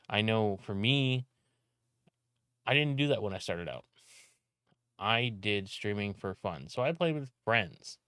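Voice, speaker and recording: A young man ranting casually to camera about content creation, talking loudly with frequent restarts and some swearing. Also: on the low side, no room sound, studio quality. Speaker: content creator and video editor. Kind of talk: casual vlog rant.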